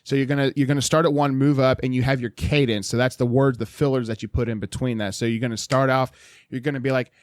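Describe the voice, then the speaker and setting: A man's voice: mid-range voice, fairly even intonation, fast talker, slight background noise. A man, co-hosting a casual podcast chat in an easygoing way, laughing often and explaining things step by step. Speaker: podcast co-host. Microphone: studio mic.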